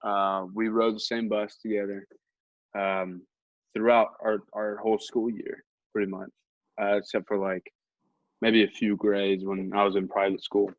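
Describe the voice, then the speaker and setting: A man's voice: on the low side, little pitch movement, a little slow, dry recording. A young man who hosts a podcast, casually telling a rambling, humorous anecdote at his own expense. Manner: rambling, humorous and self-mocking. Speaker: podcast host. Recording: dull lo-fi recording.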